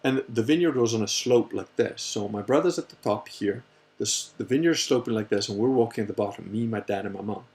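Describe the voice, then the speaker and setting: A man hosting a casual Q&A livestream, telling a story in a rambling, animated way and swearing freely. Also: lowish voice, a little fast. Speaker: host answering viewer questions.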